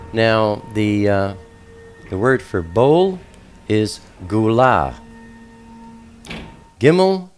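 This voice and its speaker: A man teaching scripture slowly and deliberately, with frequent fillers as he spells out Hebrew letters and their meanings. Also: lowish voice, clear, resonant tone. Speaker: Bible teacher.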